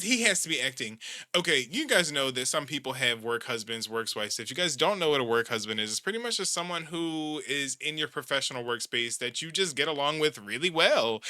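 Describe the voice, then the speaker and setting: A man's voice: a little high, pushed and bright, no echo. A man hosting a reaction video, chatting casually and explaining things in a playful way with slangy asides.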